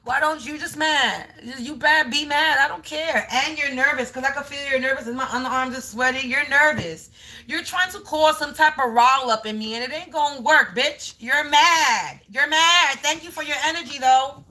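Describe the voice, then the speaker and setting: A woman's voice: high-pitched, normal speed, bright, forceful tone. A woman doing a live tarot card reading as a spiritual reader, taunting and scolding a commenter and repeating her phrases.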